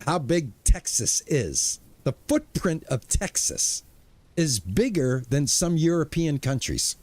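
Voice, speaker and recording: A man's voice: a little high, very animated, slow pace, a little mellow, no echo. A middle-aged man streaming a game, chatting casually and greeting viewers by name, often restarting his words. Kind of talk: casual live-stream chat.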